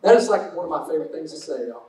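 A man's voice: a little high, expressive, racing, warm tone, far from the mic. A man preaching a sermon as pastor, conversational and jokey, acting out little everyday exchanges. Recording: roomy sound from off mic.

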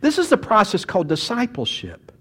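A man delivering a sermon in a folksy, storytelling way, often doubling back on his words. His voice sits a little high for a man. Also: huge pitch swings, fairly quick, pushed and bright, slightly rough. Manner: folksy storytelling preacher with frequent restarts. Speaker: pastor.

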